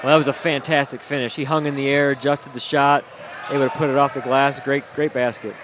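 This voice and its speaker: A man's voice: medium pitch, flat delivery, brisk. Analytical color commentator man, noisy gym. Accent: Michigan. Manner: coach-like explaining of plays, easy chuckles. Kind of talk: live basketball analysis. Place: high school gym. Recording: gym ambience, bouncing ball noise.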